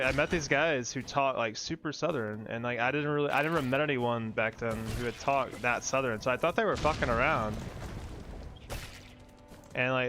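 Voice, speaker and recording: A young male streamer talks over his game in a loose, rambling way, full of fillers, quick laughs and casual swearing. His voice sits at a plain middle pitch. Faint game music runs in the background. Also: bright, forceful tone. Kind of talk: casual gameplay commentary.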